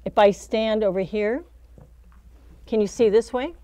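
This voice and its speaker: This quilting instructor, a middle-aged woman, gives a casual demonstration of a pattern in a shop studio, narrating each step and chuckling at her own mistakes. She speaks a little slowly in a warm, medium-pitched voice, with no room sound.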